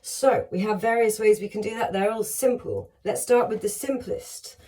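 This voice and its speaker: A woman's voice: mid-range voice, moderate pace, warm tone. A woman teaching a singing lesson on breathing, upbeat and encouraging, talking straight to her students and showing each exercise.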